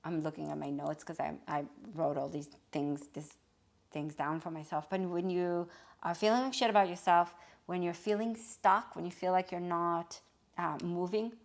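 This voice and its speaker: Gentle, soft-spoken woman. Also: lowish voice, steady tone, vocal fry. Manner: gentle, halting, searching for words with many restarts; speaks tenderly and openly about feelings. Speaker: wellness video host. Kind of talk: reflective self-help talk to camera.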